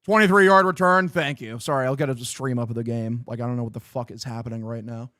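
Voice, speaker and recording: A man's voice: mid-range voice, little pitch movement, fast talker, no room sound, clean studio sound. A young man hosting a casual live game-watch stream. He swears a lot, sounds frustrated and talks to his chat as "boys". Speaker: livestream host.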